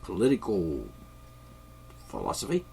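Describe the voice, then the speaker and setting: A man's voice: deep voice, huge pitch swings, measured pace, creaky, a little mellow, a little hiss or hum. A man with congested sinuses, delivering a sarcastic, rambling political monologue from his studio. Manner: sarcastic, mocking, chuckling. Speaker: podcast host. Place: home studio.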